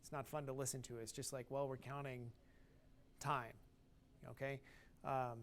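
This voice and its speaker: A man's voice: medium pitch, level tone, moderate pace, a little hiss or hum. A man teaching a brass master class, singing rhythms aloud on syllables to show phrasing. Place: concert hall stage.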